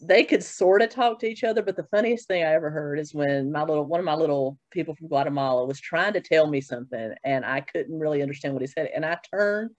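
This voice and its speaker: Brief: casual interview host, mid-pitched, chatty, dry studio mic. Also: fast, hardly any pauses, dry recording, muffled recording. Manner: chatty, storytelling, laughs often. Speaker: podcast host.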